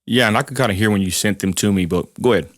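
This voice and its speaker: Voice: deep voice, racing, dry recording, clean studio sound. An interviewer who asks brief prompting questions and guides the story.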